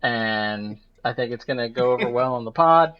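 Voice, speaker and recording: A man co-hosting a podcast in a relaxed, rambling way. His mic sounds a little dull and lo-fi. He sounds amused by what he is saying. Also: mid-range voice, normal speed. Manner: easygoing, rambling, self-amused. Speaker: podcast co-host. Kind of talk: casual chat.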